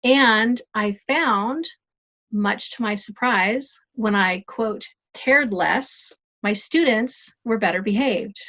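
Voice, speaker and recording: A woman guest on a podcast interview, telling stories in a lively, self-deprecating, humorous way. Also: fairly high pitch, slow pace. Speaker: guest, life coach.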